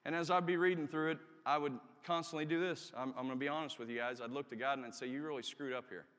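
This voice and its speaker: A chaplain delivers a testimony sermon with earnest candor, pushing up emphatically on key lines. His voice sits somewhat high for a man. A long church reverb trails behind every phrase. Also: little pitch movement, fast, fairly bright tone, smooth. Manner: earnest, candid storytelling with emphatic rises. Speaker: army chaplain preaching.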